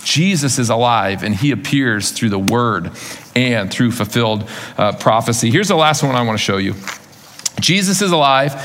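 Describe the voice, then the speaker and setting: Pastor, male, mid-pitched voice, casual storytelling sermon, big church echo. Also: animated, moderate pace, a bit bright, slight background noise. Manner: conversational, rhetorical questions, vivid retelling. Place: church sanctuary. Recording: long reverb of a large hall.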